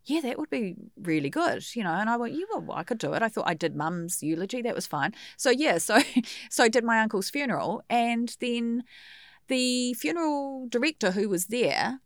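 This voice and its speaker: A woman's voice: a little high, expressive, normal speed, dry recording. Chatty New Zealand woman in her fifties. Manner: chatty, laughs easily, acts out quoted speech. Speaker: guest, funeral celebrant. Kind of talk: casual interview chat.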